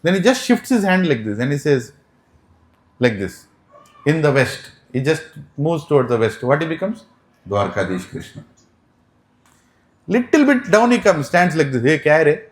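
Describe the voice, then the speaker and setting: Brief: Indian-accented male spiritual teacher, lively swinging delivery, slightly high voice, roomy hall sound. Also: moderate pace, long pauses. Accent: Indian English. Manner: animated, asks the audience rhetorical questions. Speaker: spiritual teacher giving a scripture class. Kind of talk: sermon. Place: devotional center hall. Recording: echoey room.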